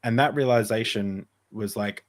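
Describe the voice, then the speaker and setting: A man's voice: lowish voice, normal speed. A man, a podcast guest telling a personal story in casual conversation, rambling with many restarts and fillers.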